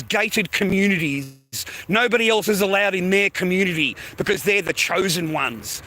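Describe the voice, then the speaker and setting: High, bright-voiced ranting man. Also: poor audio. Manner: profane, repetitive, sprinkles "mate" and "bro". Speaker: vlogger. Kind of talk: angry ranting monologue.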